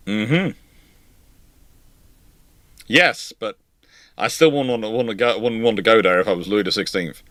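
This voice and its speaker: A man's voice: lowish voice, a little slow, long pauses, fairly bright tone, dry recording. A man hosting a live question-and-answer stream, explaining at length in a rambling way with frequent restarts. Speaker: host. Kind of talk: live viewer Q&A.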